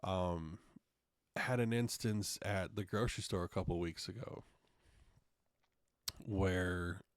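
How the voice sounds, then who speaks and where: In clean studio sound with no echo, a podcast host tells stories alone in a casual, frank, somewhat profane style, performing the quotes in his retellings. His voice is low and his pace slow.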